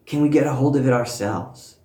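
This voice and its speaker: A man preaching a sermon, telling a personal story with warmth and earnest emphasis, speaking to listeners at home. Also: medium pitch, a little fast, roomy sound. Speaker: pastor.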